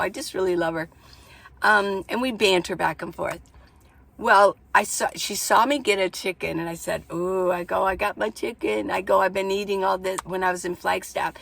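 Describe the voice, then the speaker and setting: A woman's voice: mid-range voice, vocal fry, a bit bright, no room sound. A woman vlogging from inside her minivan, chatting casually and rambling through stories. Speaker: van-life vlogger. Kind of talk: casual chat to camera.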